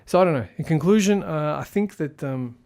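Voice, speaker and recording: A man with a fairly high voice giving an unscripted film review. He rambles and thinks aloud, and his tone stays critical throughout. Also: animated, brisk, a little mellow. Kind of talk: casual spoken film review.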